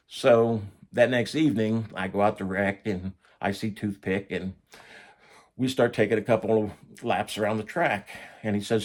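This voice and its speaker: Profane man telling a gritty prison story. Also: fairly low pitch. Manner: profane, animated, acts out quoted voices. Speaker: storyteller recounting prison life. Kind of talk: casual first-person storytelling.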